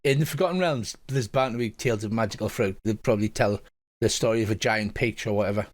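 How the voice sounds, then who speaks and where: A man's voice: on the low side, fast. A man running a tabletop game as game master, describing scenes casually. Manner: casual, descriptive, swears now and then.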